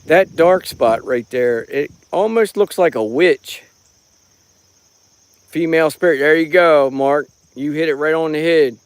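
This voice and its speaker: An unhurried, smooth voice of fairly high pitch comes from a middle-aged man live-streaming outdoors at night on a rural property. A paranormal watcher, he holds his phone and chats casually in a rambling, folksy way, greeting viewers by name.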